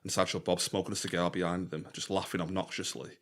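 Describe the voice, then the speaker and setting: A man's voice: sits low, little pitch movement, quick pace, fairly bright tone. A man co-hosting a podcast, chatting casually and retelling funny scenes with frequent laughter. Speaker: podcast co-host. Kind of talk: casual chat.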